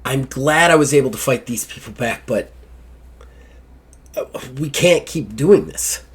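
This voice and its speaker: A commanding female starship captain, acted by a man running the game, terse and exasperated. Her voice rises high when irritated. She speaks in clipped orders. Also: expressive, measured pace, breathy edge.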